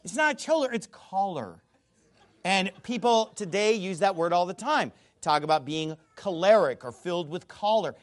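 A man with a high voice that swoops all over as he talks. He gives an emphatic, scornful monologue, repeating words as he pushes ahead, and breaks into loud shouts. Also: animated, moderate pace, few pauses. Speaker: Bible commentator. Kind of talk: animated video monologue.

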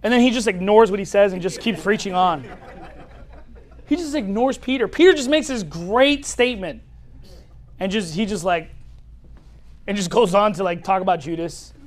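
A man preaching a sermon as pastor, swinging from loud declarations to quiet asides and laughing at his own points. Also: high-pitched, normal speed, pauses often.

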